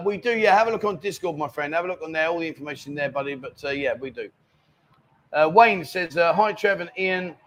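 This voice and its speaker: A man's voice: fairly high pitch, a bit bright. A man hosting a casual live stream from a bar, bantering and reading out viewer comments. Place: bar lounge.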